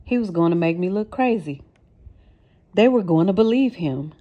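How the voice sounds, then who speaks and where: A woman's voice: fairly low pitch, animated, normal speed, dull audio. Woman narrating a memoir audiobook. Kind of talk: first-person memoir narration.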